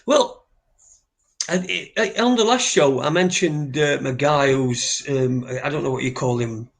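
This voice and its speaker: A man from the north of England chats casually on a live stream. He rambles, swears freely and keeps restarting his sentences, in a voice that sits a little high for a man. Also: measured pace, creaky. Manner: rambling, swears a lot, many fillers and restarts. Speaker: co-host.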